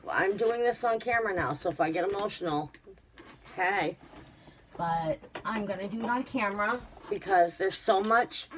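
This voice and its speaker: A woman's voice: fairly low pitch, slight background noise. A tired, unwell woman chatting to camera as a crafting vlogger, gushing over a parcel with many fillers. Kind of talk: casual unboxing chat to camera.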